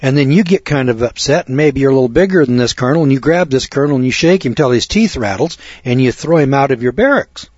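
Husky middle-aged guy rambling thru a folksy story, dull dry recording. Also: medium pitch, lively intonation, quick pace, few pauses, a little mellow, no room sound. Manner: rambling, self-mocking, repeats words. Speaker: speaker addressing an audience.

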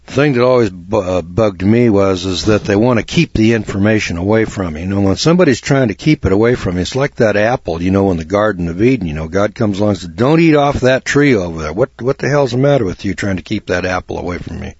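A man's voice: on the low side, expressive, quick pace, hardly any pauses, a little mellow, slightly rough, no room sound, highs cut off. A man hosting a talk radio show, rambling in a folksy, blunt way with lots of fillers and restarts.

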